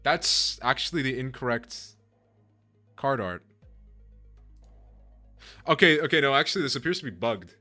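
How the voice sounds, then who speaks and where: Bright-voiced man streaming a game casually. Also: medium pitch, lively intonation, measured pace, long pauses, no echo, soft background music. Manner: casual, profane, laughs often, apologetic to chat. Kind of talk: live game stream, chatting with viewers.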